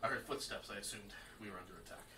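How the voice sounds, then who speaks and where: A man's voice: lowish voice, very fast, bright, forceful tone. A man doing a stiff, loyal undead guard. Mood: formal. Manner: formal and dutiful. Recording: roomy, distant and noisy.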